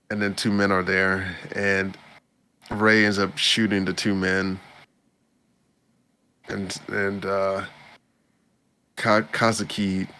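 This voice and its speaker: Man with a low gravelly voice. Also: sharp tone. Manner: rambling, with many restarts and chuckles. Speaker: podcast host. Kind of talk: casual anime recap chat.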